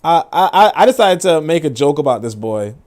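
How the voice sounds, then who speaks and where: A young man hosts a loose commentary stream, his voice leaping up and down with big swings of pitch. He sits a bit higher than most men and talks in an animated, profane way, reading comments aloud as he goes. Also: fairly quick. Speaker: show host. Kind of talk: casual livestream commentary.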